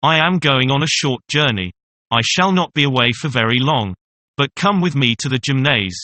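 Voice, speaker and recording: A doting cashier of fifty who pleads with his mistress, as a man reads him. His tone is bright and earnest. It is an audiobook telling of an old tale. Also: mid-range voice, lively intonation, normal speed. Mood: pleading. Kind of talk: audiobook reading.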